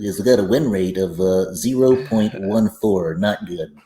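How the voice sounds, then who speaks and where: A man doing a deadpan late-night talk show host bit, his low voice pitched a touch higher and delivered drily. It is recorded in an echoey room. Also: unhurried. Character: late-night TV host impression, dry male announcer.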